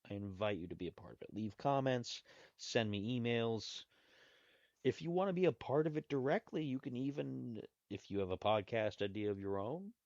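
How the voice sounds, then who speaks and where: This host's voice is medium-pitched, creaky and a little dark. On his casual solo podcast he rambles loosely, restarting and going off on asides, recorded with a dry, dull lo-fi sound and no echo.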